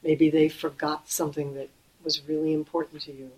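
A middle-aged woman giving a Buddhist dharma talk in a gentle, conversational way, slowing and softening on key phrases. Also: sits low, level tone, rough recording. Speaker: Buddhist teacher.

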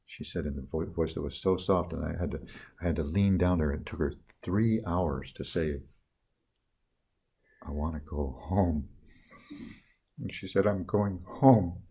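An older man telling personal stories in a reflective talk, halting with many restarts and trailing off softly at tender moments. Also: sits low, creaky, husky. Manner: soft-spoken, dropping quieter on tender moments.

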